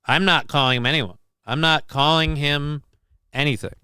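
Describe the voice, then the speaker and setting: Man, live-stream host, rambling, defensive, cracking voice, smooth and clear, dry close sound. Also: fairly high pitch, normal speed, pushed and bright, no room sound. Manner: defensive, rambling, swears casually. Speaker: livestream host reading chat. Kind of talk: casual live-stream chat.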